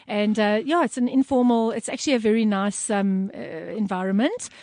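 A woman's voice: medium pitch, normal speed, darkish tone, no room sound, clean studio sound. A woman chatting casually, giving opinions with emphatic repetition and frequent laughs. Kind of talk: casual chat.

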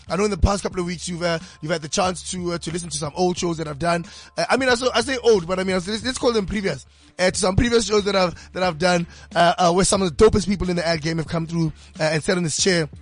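A man hosting a podcast in a studio, talking in an energetic, slangy, rambling way. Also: sits high, dry recording. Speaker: podcast host. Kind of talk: casual podcast chat. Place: radio studio.

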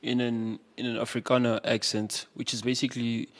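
Young male radio co-host, mid-pitched, laughing and defensive, loose unscripted chat. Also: little pitch movement, fairly quick. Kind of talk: casual studio banter.

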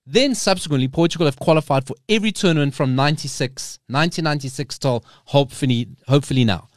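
A man in his forties telling a story in a casual podcast chat, animated and emphatic, often repeating himself for weight. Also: on the high side, quick pace, no echo, clean studio sound. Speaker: podcast guest.

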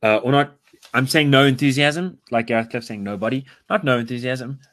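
A man's voice: medium pitch, brisk. A South African man co-hosting a podcast, talking politics in a rambling, casual way full of fillers. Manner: rambling, animated, filler-heavy.

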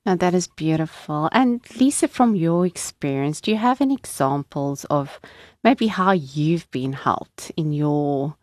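A woman hosting an interview chat, supportive and full of soft affirmations. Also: sits low, expressive, measured pace, dry recording, clean studio sound. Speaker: host.

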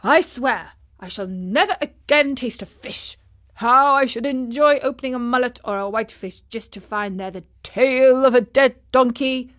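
A woman voicing a grumpy, greedy grown man in a storybook reading, gruff and indignant. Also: sits high, sing-song, slow, few pauses, fairly bright tone, dry recording, studio quality, pitched above the performer's own voice, exaggerated voice. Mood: angry. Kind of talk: audiobook character reading.

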